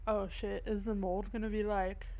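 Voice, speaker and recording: A woman's voice: medium pitch, creaky, a little mellow. A young woman gamer giving casual, chatty let's-play commentary on a horror game, reacting as she goes and joking at her own expense. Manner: chatty, reactive, self-deprecating.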